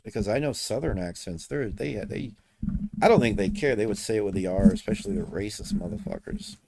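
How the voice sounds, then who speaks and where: A man's voice: on the low side, lively intonation, fairly quick, gravelly, heavy background noise. A man hosting a livestream, talking in a blunt, opinionated and emphatic way in casual chat. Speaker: streamer host.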